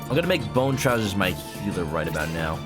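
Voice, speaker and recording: A man's voice: low-pitched, very animated, fairly quick. Playful man streaming a game. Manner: playful, jokey, slips into voices. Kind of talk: gaming commentary. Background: game music.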